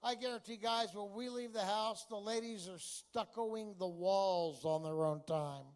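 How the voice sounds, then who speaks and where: A man's voice: sits high, unhurried, smooth. A man from Texas doing a stand-up comedy routine, brash and chatty, with crude punchlines.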